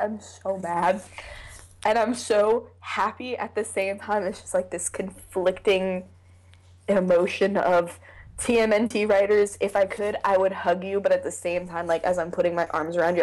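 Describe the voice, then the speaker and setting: A young woman co-hosting a casual podcast, talking in an animated, jokey way about a cartoon episode. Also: medium pitch, normal speed. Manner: animated, jokey, slips into silly voices. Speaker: podcast co-host.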